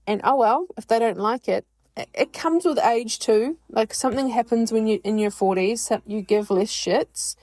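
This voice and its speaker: A woman's voice: a little high, normal speed, darkish tone, dry recording. Frank, swearing woman podcast host. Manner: blunt and frank, swears freely; laughs often while talking. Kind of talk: candid personal monologue.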